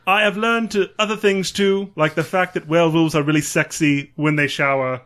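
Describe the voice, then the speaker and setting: A man's voice: a little high, fairly even intonation, moderate pace, fairly bright tone, lightly acted. A man doing a vampire count who laughs "ah, ah". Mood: hammy. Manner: punctuates lines with a laughing "ah, ah, ah". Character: male vampire count with a drifting put-on accent.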